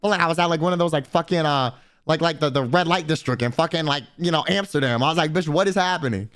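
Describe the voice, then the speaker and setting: A young man, a streamer, telling a profane, animated story in casual chat and quoting people in put-on voices. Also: on the high side, quick pace, clean tone.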